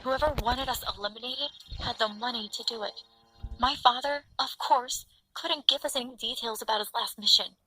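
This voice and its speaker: A woman's voice: a little high, moderate pace, sharp tone, dry recording, rough recording. A woman giving dramatic first-person narration of a tense story.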